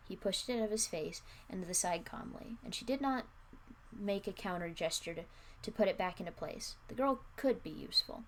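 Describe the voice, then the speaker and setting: A woman's voice: mid-range voice, brisk, a bit bright, a little hiss or hum. A young adult woman reading her own old story aloud, breaking off for wry, self-mocking comments. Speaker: streamer. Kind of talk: reading aloud with casual asides.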